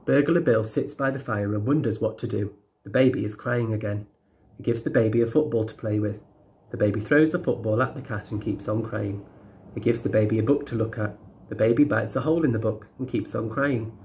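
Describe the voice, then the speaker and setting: A man, a teacher, reading a children's picture book aloud with steady, clear storytelling. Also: fairly low pitch, a little fast, a little hiss or hum.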